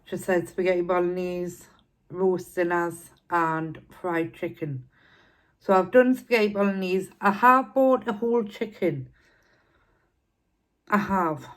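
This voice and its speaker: Lady mukbang vlogger, kinda low voice, chatty, eating as she talks. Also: unhurried. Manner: chatty, eating between sentences. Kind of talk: casual chat while eating.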